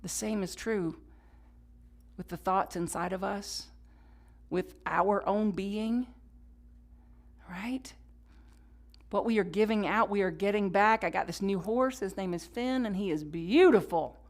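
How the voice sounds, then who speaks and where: A woman's voice: mid-range voice, a little slow. Woman pastor giving a sermon with dynamic swings into whispers, plus call-and-response and conversational asides. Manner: swings from loud emphatic lines to hushed whispers; leads the congregation in call-and-response.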